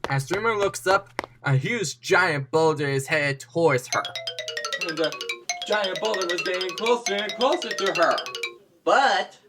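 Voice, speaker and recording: Slow dramatic home storyteller. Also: mid-range voice, music in the background. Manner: slow, dramatic, gasping narration. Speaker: storyteller with toys. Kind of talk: storytelling narration. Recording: noisy home recording with clicks.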